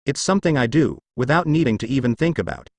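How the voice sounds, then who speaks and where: Man voicing a teen boy, dark, protective, blunt, dry close sound. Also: medium pitch, fast, no room sound, lightly acted. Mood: menacing. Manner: even, blunt delivery.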